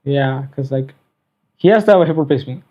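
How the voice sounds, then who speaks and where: A young man, a podcast guest, telling work stories in a blunt, deadpan way and mimicking customers. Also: medium pitch, fast, dull audio.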